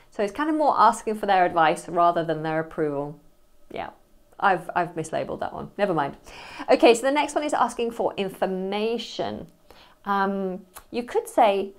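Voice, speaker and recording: A woman's voice: medium pitch, animated, normal speed. A middle-aged woman patiently explaining everyday English phrases and acting out short example dialogues. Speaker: English teacher.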